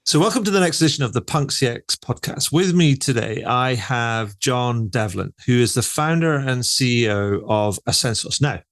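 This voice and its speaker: A man's voice: mid-range voice, lively intonation, moderate pace, hardly any pauses, a bit bright, no echo. A Scottish man hosting a podcast interview, chatty and rambling with lots of fillers. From Scotland. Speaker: podcast host. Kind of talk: casual interview chat.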